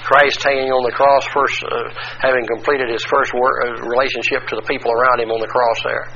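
A male preacher working through scripture in a measured teaching sermon, stopping to spell out Greek terms one letter at a time. The recording is muffled and lo-fi, with a faint hiss underneath. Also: mid-range voice, flat delivery, creaky, pushed and bright. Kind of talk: expository Bible teaching sermon.

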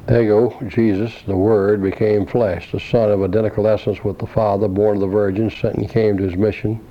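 A man preaching a scholarly sermon, reading and quoting from commentaries in a measured way with brief asides. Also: fairly low pitch, highs cut off.

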